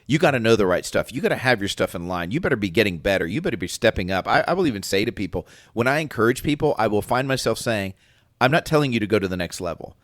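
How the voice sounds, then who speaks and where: A man's voice: lowish voice, expressive, fast talker, few pauses, a bit bright, no echo, studio quality. A man co-hosting a casual faith podcast, talking things through reflectively and acting out quoted voices as he goes. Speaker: podcast co-host.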